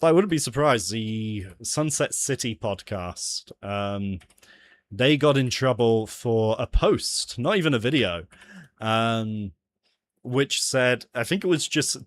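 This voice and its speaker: Man, mid-pitched, casual streamer chatter, laughs a lot, thinks aloud while he works. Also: a bit bright. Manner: chatty, laughs often, mutters to himself. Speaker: game developer streaming his jam entry. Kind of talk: casual livestream chat while working.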